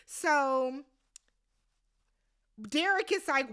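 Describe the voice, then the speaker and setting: Animated, blunt woman recapping reality TV. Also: high-pitched, unhurried. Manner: animated, blunt, swears freely, exclaims. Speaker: recap host. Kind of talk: casual TV recap commentary.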